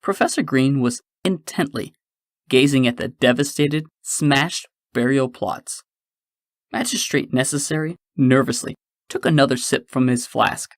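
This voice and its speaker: A man's voice: mid-range voice, steady tone, dry recording. Dry, close-miked male audiobook narrator. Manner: measured storytelling, shifting into character voices.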